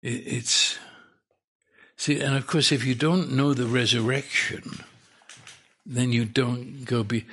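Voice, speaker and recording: Gravelly slow-speaking male preacher. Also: mid-range voice. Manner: emphatic, repeats words, rising with excitement. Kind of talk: sermon.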